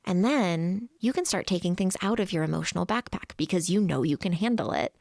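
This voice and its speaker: Low-voiced woman podcast host. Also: animated, creaky, a little mellow, dry recording, studio quality. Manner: voices her inner thoughts in quick quoted asides; laughs lightly between points. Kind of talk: explaining psychology to listeners.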